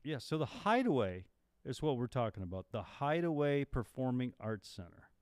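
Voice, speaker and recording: A man's voice: mid-range voice, very animated, normal speed, clear, resonant tone, dry recording. A man co-hosting a live podcast, chatting casually and upbeat while promoting local shows. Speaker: podcast co-host.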